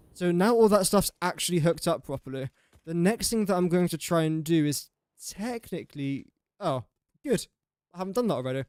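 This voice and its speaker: A young man from England streams a building game, chatting casually in a slightly high, slightly mellow, smooth voice. His talk rambles and is self-mocking, and he keeps chuckling at his own slips. Dry, studio-quality recording.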